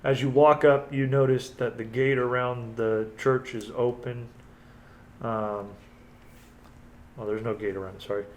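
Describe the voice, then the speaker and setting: A man's voice: medium pitch, steady tone, a little slow, pauses often. A man running a tabletop game as game master, reading scene descriptions and correcting himself as he goes.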